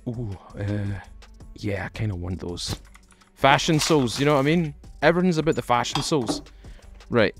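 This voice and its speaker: A Scottish man playing a survival game, chatting playfully with viewers and joking as he plays. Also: mid-range voice. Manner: jokey, excitable, talks to viewers. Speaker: gaming video host. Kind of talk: playful let's-play commentary.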